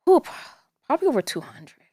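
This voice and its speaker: A woman talking as a guest on a podcast, animated, laughing often and dropping in a French phrase. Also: quick pace, very noisy. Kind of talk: casual chat.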